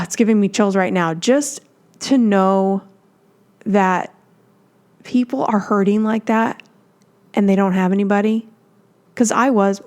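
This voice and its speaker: Young woman doing a solo podcast, heartfelt and kinda rambly, lots of restarts, middle pitch. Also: a little mellow. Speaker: podcast host and breakup coach.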